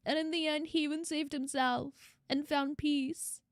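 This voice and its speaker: A woman's voice: sits high, steady tone, moderate pace, dry recording, clean studio sound. A woman VTuber streaming a casual reaction, emotional, laughing often and swearing freely.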